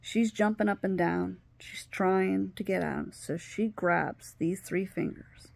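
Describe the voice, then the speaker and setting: A middle-aged woman with a gravelly edge tells a personal story straight to camera. She is animated, plays out the lines of the people she quotes, and sometimes sinks to a near whisper. The sound is close and dry, with no room around it. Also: medium pitch, a little slow, dry recording. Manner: animated, acts out quoted dialogue, drops to whispers. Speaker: vlogger.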